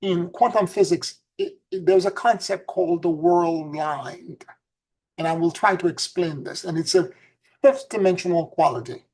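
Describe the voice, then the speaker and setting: A woman giving a casual spiritual talk, telling stories earnestly and repeating her points, dropping to soft asides and rising to emphatic peaks. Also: lowish voice, normal speed, poor audio. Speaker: spiritual teacher.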